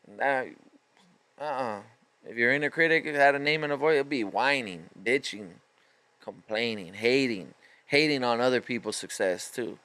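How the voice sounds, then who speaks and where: A man's voice: medium pitch, normal speed, bright, forceful tone, clean tone. A man hosting a solo podcast, delivering a profane, fired-up motivational rant in casual street slang. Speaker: podcast host.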